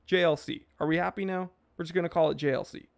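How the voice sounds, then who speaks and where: A man's voice: fairly high pitch, steady tone, quick pace, vocal fry. A man hosting a podcast, reading chat and rambling casually in laid-back slang.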